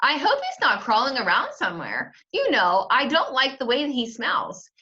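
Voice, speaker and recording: A woman's voice: high voice, wildly swooping pitch, normal speed, pushed and bright, dull audio, pitched above the performer's own voice, full character voice. A woman voicing a flustered mother who fusses and scolds her children. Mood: fussy.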